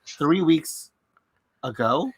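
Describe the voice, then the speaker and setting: A woman's voice: low voice, lively intonation, drawn-out words, slightly rough, dry recording. A woman co-hosts a live online tarot stream. She chats and giggles as she calls up the next person. She often trips over her words along the way. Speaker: co-host tarot reader.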